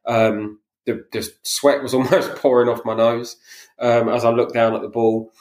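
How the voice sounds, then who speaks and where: A man's voice: medium pitch, level tone, normal speed, a little mellow, reverberant. A man chatting casually as a podcast co-host, telling stories with many fillers and restarts. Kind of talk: casual chat.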